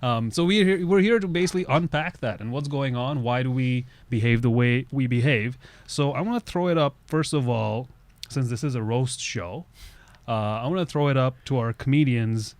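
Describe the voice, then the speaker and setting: A man's voice: mid-range voice, animated, normal speed, a little mellow, dry recording. A man who grew up in Russia, hosting a podcast in a loose, conversational way. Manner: conversational, loose, many "you know" fillers. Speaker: podcast host. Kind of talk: casual podcast chat.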